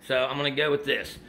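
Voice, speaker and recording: A fairly high, fairly bright voice belongs to a middle-aged man who vlogs supplement advice. Still out of breath after working out, he casually chats about workout gear and supplements, rambling and starting his sentences over.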